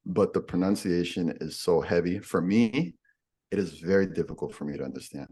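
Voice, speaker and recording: A man with a very deep, low voice talks through a topic on a podcast. He is patient and methodical and builds his explanation with example after example. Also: normal speed, warm tone, husky.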